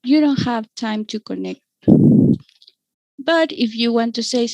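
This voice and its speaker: Woman, Mexican-accented English teacher, high voice, slow and patient, dry close sound. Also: lively intonation, gravelly, no room sound, poor audio. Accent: Mexican Spanish. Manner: patient, repeats "okay?" to check understanding. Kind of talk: online class teaching.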